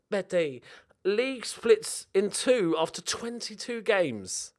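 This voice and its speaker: A young man giving excitable, jokey let's-play commentary with frequent swearing while talking to himself. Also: high-pitched, takes it slowly. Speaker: video game streamer.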